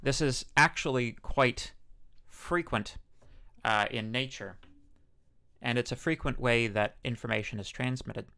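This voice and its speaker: The lecturer's voice is medium in pitch with a sharp edge, and he talks a bit slowly into a microphone. Addressing a university class in a loose, conversational way, he stumbles through fillers and corrections and teases his own smooth radio tone.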